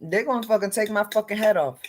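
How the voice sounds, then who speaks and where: A woman's voice: medium pitch, quick pace. A woman talking to herself in an agitated, unscripted rant. She swears in nearly every phrase and loops back over the same short lines again and again. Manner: profane, repetitive, agitated ranting.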